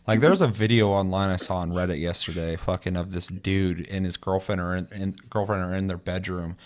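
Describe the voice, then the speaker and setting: A young man co-hosts a gaming podcast, telling long, rambling stories packed with swearing in casual chat. His voice is deep and level, and he talks fairly quickly.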